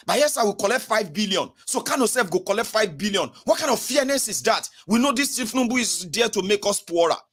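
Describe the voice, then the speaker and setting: A man's voice: high-pitched, fairly bright tone, husky. A man with a Nigerian accent delivering a sarcastic, mocking political commentary vlog rant. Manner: sarcastic, mocking rant mixing Pidgin and Yoruba.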